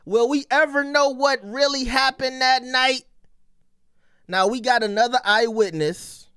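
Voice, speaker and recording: Man, high voice, smooth and crisp, dry close recording, channel host intro. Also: a bit bright, dry recording. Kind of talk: scripted commentary intro.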